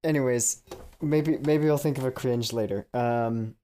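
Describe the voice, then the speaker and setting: A woman's voice: rumbling low, a little slow, dark tone, slight background noise. A woman hosting a casual podcast, asking the group questions and laughing often. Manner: giggly, asks the group questions. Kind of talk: casual chat.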